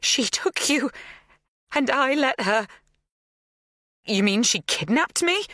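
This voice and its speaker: A woman voicing a tearful, pleading middle-aged woman in an audiobook, breathy and rushing her words. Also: low voice, big pitch swings, no room sound, studio quality.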